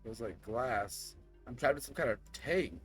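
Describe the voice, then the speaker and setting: Brief: young male gamer, slow dramatic read-through, mid pitch, faint background music. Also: animated, husky. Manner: shocked outbursts between slow narration. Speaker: gamer reading a story game aloud.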